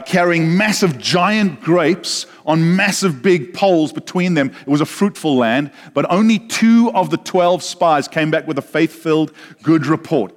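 A man preaching a sermon, earnest and repeating words, asking the congregation questions. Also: on the high side. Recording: long reverb of a large hall.

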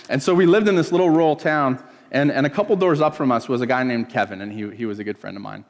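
A man's voice: on the high side, fast talker, in a large hall, a little hiss or hum. A man from California preaching a sermon, telling stories and acting out the voices of people he quotes. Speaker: pastor.

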